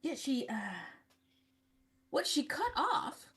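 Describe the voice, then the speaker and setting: A woman from Cincinnati, hosting a podcast and telling a comic story in an animated way, laughing often. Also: high voice, slow. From Cincinnati, Ohio. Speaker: podcast host. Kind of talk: comedic casual storytelling.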